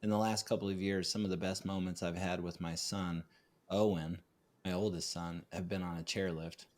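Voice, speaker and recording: Low-voiced man hosting a casual podcast. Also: little pitch movement, normal speed, a little mellow. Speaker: host. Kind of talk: casual chat.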